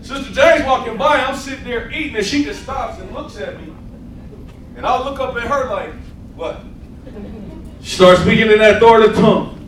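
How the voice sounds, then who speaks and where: A man's voice: very high voice, moderate pace, long pauses. A man preaching a sermon and telling his own testimony, acting out scenes and laughing as he goes. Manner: animated storyteller, acts out scenes, laughs often. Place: church sanctuary. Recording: echoey church, mic from a distance, faint room noise.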